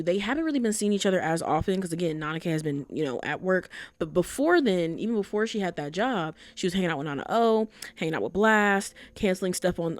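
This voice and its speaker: A woman's voice: fairly low pitch, no room sound. Chatty, blunt young woman podcaster. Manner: chatty, blunt, sprinkles in curses and "like, you know". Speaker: podcast host. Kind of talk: casual chat recapping a story.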